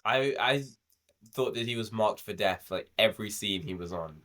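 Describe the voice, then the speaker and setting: A man's voice: on the low side, moderate pace, fairly bright tone. A young man co-hosting a podcast, chatting casually about a show, laughing often and swearing freely. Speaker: podcast co-host. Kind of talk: casual review chat.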